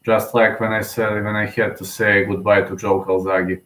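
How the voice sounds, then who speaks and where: Young man, excited fan commentary on a fight, repeats lines, roomy echoey sound. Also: lowish voice, moderate pace. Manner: excitable, emotional, repeats himself. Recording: roomy echo.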